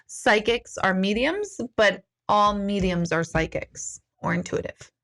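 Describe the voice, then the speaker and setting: A woman's voice: medium pitch, lively intonation, unhurried, gravelly, fairly bright tone. A woman hosting a casual live-stream Q&A from a room at home. She talks informally, reads viewer comments aloud and laughs easily. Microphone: live-stream device mic.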